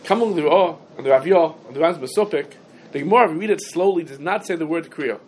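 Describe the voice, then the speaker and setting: Rebbe, slightly high voice, sing-song lecture cadence, faint room noise, fields student questions. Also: male voice, fast talker. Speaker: Talmud teacher giving a class. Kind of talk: yeshiva-style halacha lecture.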